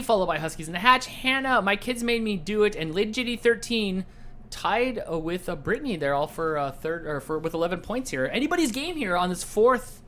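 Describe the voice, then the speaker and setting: A man's voice: sits high, fairly bright tone, a little hiss or hum. Playful man hosting a live trivia show. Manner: playful, jokey, easily distracted. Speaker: trivia game show host. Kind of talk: casual live-stream hosting.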